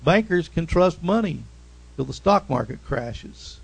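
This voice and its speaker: Man, preacher, gravelly, fairly high voice, animated sermon, frequent amens. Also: measured pace, rough recording.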